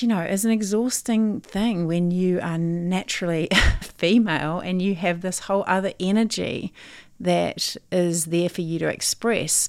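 A woman's voice: lowish voice, creaky, a little mellow. A middle-aged woman from Australia, a coach hosting her own podcast, talking in a thoughtful, earnest way. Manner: thoughtful, earnest, with occasional laughs. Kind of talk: reflective solo podcast talk.

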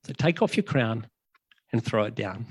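A man delivers a sermon in a relaxed, conversational way. He fills pauses with ums and repeats key phrases for emphasis. His voice sits at a middle pitch, recorded dry and close. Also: husky, dry recording. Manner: conversational, many ums and fillers, emphatic repetitions. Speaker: preacher.

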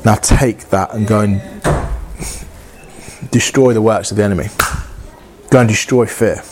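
Earnest low-voiced man preaching. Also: fairly even intonation, measured pace, background noise. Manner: earnest, repetitive, conversational preaching with acted-out inner dialogue. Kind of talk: sermon.

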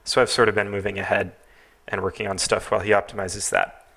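A man's voice: lowish voice, flat delivery, quick pace, creaky, bright, forceful tone. A man as a podcast guest, talking in a thoughtful, hedging way with many fillers. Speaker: podcast guest, TAS creator. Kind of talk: casual podcast interview.

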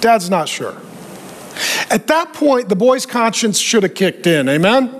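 A man preaching a sermon with animated delivery and joking asides. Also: high voice, unhurried. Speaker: pastor.

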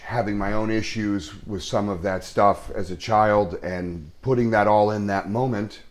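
A man with a fairly low voice talks through a story in a casual interview. He halts, restarts and fills pauses, yet stays earnest and intense as he recalls it. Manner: halting, full of restarts and fillers. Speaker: actor being interviewed.

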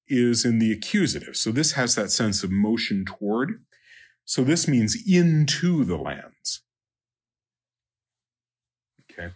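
A man teaching a Latin lesson, working through numbered exercises in a halting way with many ums and uhs. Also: mid-range voice, slightly rough. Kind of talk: recorded lecture walking through exercises.

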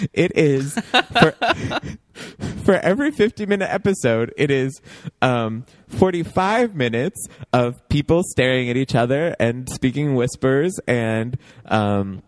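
A man's voice: medium pitch, big pitch swings, a little slow, no room sound, clean studio sound. A man chatting casually about a TV show, rambling with lots of fillers and laughs.

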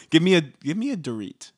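A man's voice: fairly high pitch, dry recording, studio quality. A man co-hosting a podcast, bantering and teasing in a casual reality-TV recap. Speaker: podcast co-host.

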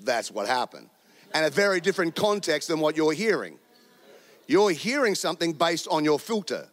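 A middle-aged guest preacher with an Australian accent and a fairly high voice delivers a sermon. His style is animated and jokey, with quick asides tucked into his stories.

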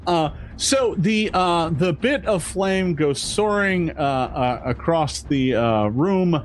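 A man narrating a tabletop game as game master, slowly and haltingly, with many fillers. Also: mid-range voice.

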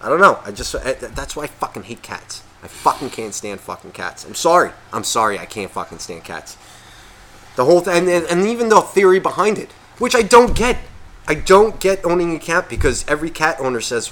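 A man's voice: a little high, sing-song, brisk, fairly bright tone, slight background noise. A man co-hosting a podcast, ranting in a casual, profane way and acting out imagined voices. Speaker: podcast co-host.

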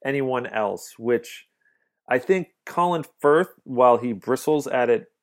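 A man co-hosting a podcast, talking through a film in a thoughtful, halting way with many restarts. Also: medium pitch, lively intonation. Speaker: podcast co-host. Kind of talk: casual film discussion.

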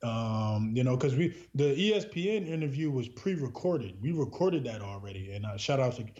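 A man's voice: medium pitch, animated, moderate pace, a little mellow. A man from New Jersey, a podcast guest, telling a personal story in a casual, earnest way, full of filler words. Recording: dull lo-fi recording.

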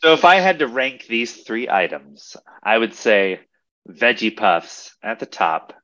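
A man's voice: mid-range voice, very animated, a little slow, a bit bright, lo-fi sound. A man in casual chat, speaking in an easygoing way as he reviews snacks. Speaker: podcast co-host.

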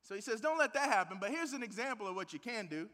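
A man preaching with animated emphasis, firing rhetorical questions at his congregation. His voice sits very high and rings bright and forceful. It carries a long reverb from a church hall. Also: fast talker. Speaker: pastor. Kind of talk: sermon.

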